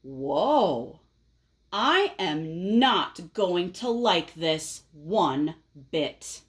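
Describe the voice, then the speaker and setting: A woman's voice: on the low side, sing-song, full character voice. A woman voicing a stubborn, grumpy young male pigeon who drags out excuses in a storybook read-aloud. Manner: whiny, drawn-out excuses.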